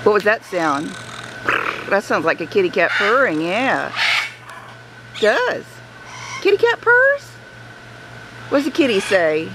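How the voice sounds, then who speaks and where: A woman's voice: medium pitch, expressive, measured pace, pauses often. A woman coaxing a pet bird in sing-song baby talk, recorded outdoors on a handheld camera. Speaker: visitor talking to a parrot. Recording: loud outdoor background noise.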